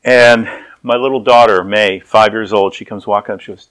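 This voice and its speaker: A man's voice: lowish voice, fairly even intonation, moderate pace, a bit bright, poor audio. Storytelling male pastor preaching. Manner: storytelling, acts out voices. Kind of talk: sermon.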